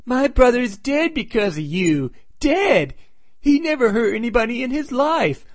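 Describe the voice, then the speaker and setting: A man doing a shrill, hysterical grieving woman. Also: sing-song, a little slow, no echo, clean studio sound, full character voice. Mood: hysterical grief. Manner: shrieking, wailing.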